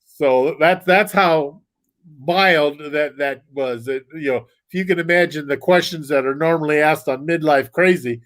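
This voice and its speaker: A man's voice: a little high, a little slow, a bit bright. Rambling man chatting on a livestream. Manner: rambling, frequent restarts, chuckles often. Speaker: guest. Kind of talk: casual chat on a livestream. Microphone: desk mic.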